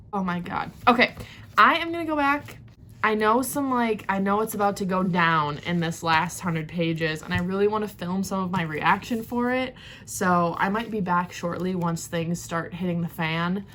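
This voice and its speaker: A woman giving a casual reading vlog reaction, excitable and rambling, gasping and squealing at plot twists. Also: on the low side, a little hiss or hum. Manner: rambling recap with many fillers. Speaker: book vlogger.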